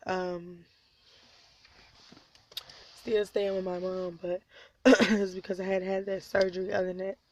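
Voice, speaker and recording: A woman's voice: medium pitch, level tone, measured pace, pauses often, a little hiss or hum. A woman, talking wearily about her troubles in a personal vlog, her throat a little sore. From born in North Carolina, raised in Oklahoma. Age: 20s. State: slightly sore throat, coughing. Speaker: vlogger.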